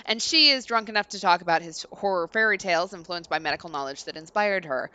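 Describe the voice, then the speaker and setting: Bright-voiced woman reading a visual novel. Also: lowish voice, fast, clear, resonant tone, dry recording. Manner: casual, blunt, reads story lines in an even narrating tone. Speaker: let's play host. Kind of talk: casual chat and reading game text aloud.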